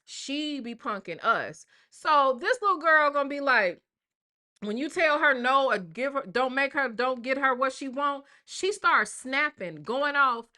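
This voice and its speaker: A woman's voice: high voice, lively intonation, measured pace, bright, forceful tone. An older woman, a grandmother hosting a casual live stream and chatting with viewers in a slangy, talkative way. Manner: chatty, slangy, addresses viewers as y'all and baby. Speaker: livestream host.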